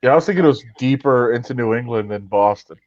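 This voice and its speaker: A man's voice: mid-range voice, fast, a little mellow, no echo. Laid-back male co-host, wry, dry and muffled lo-fi sound. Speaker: podcast co-host. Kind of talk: casual chat.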